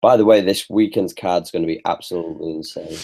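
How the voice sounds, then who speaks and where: Low-voiced, profane podcast co-host. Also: male voice, steady tone, brisk, creaky, darkish tone. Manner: profane, emphatic. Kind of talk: casual sports chat.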